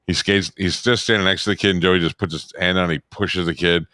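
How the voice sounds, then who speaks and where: Very deep fast-talking podcast host man. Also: fairly even intonation, pushed and bright, no echo, clean studio sound. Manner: rapid, crude, joking. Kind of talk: casual podcast banter.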